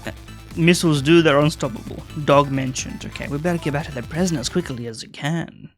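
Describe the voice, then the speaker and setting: A man's voice: a little high, brisk, soft background music. A man casually commenting while playing a video game, reading the game's text aloud and swearing offhandedly.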